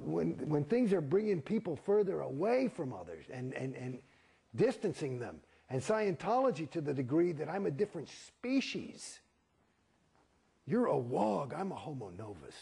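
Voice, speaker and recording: Blunt, profane actor being interviewed; husky, gravelly man with a slightly high pitch, sarcastic rant. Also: mellow. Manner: wry, sarcastic. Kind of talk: candid interview.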